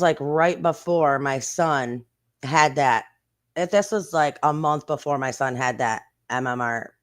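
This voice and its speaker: A woman hosting her own stream, chatting casually in a blunt, rambling way with plenty of swearing and quick bursts of speech. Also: low voice. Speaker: streamer and channel host. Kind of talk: casual live-stream chat.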